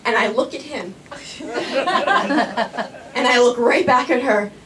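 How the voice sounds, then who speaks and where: A woman's voice: on the high side, unhurried, distant mic, a crowd in the background. A young woman telling a personal story live on a small stage, chatty with lots of "like" and frequent laughter.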